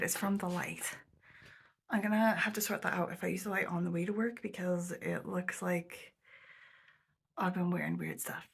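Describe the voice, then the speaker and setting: With a mid-range, slightly bright voice and vocal fry, a woman vlogger rambles through a travel story, peppering it with "like" and "um." She slips into quoted voices and sometimes drops nearly to a whisper, over slight background noise.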